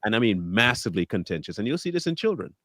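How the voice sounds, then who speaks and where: A man with a low voice co-hosts a live talk stream, recorded dry and close to the mic. He talks casually and with energy, putting on voices for the people he quotes and laughing now and then. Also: fast talker, no echo. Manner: animated, acts out quoted voices, laughs often. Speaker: co-host.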